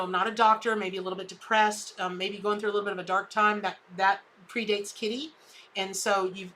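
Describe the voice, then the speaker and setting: Middle-aged woman, live tarot reader; bright, chatty voice that jumps high when she gets excited. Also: slight background noise, low-quality recording. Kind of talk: live-stream tarot reading.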